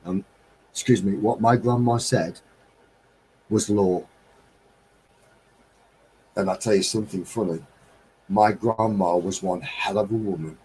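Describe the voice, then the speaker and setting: Chatty man, mellow voice. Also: on the low side, steady tone, unhurried, pauses often, a little hiss or hum, low-quality recording. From England. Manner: chatty, rambling, laughs and sings snatches. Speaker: live stream host. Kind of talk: casual live chat.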